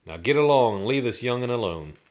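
A man's voice: medium pitch, lively intonation, brisk, voice pushed up, lightly acted. A man voicing a good-natured, folksy farmer in a storybook reading, chatty and mildly scolding. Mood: friendly.

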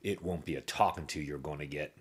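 A man voicing a gruff, menacing male jail guard in a storybook tale, growling his threats. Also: rumbling low, brisk.

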